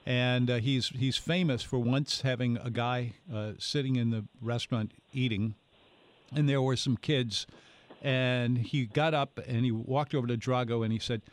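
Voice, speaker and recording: Folksy New radio host. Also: male voice, mid-range voice, steady tone, moderate pace, no room sound. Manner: folksy, rambling, tells anecdotes with put-on voices. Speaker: radio food show host. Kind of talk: call-in radio talk. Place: radio studio. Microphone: studio microphone.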